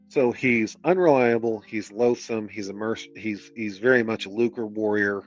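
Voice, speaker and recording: A man's voice: on the low side, moderate pace, hardly any pauses, muffled recording, faint music behind. A man reading a book aloud on stream, breaking off into sarcastic, exasperated commentary full of swearing.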